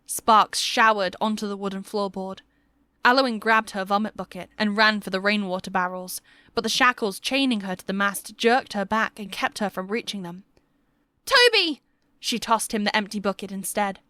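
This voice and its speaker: A woman narrating a historical fantasy romance audiobook with steady, measured storytelling. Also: mid-range voice, no room sound.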